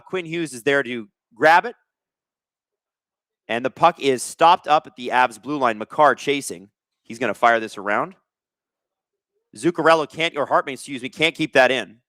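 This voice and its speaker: A man hosting a live hockey watch-along, reading viewer chat aloud and calling plays with excitable energy. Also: on the high side, no room sound, studio quality.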